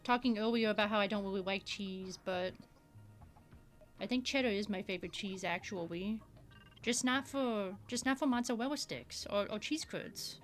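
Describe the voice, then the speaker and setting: Drawing as she talks to her live-stream audience, this woman adopts a cutesy uwu baby voice, lisping and stretching out her words playfully. Underneath, her natural mid-range voice comes through at a normal pace, with faint music behind her.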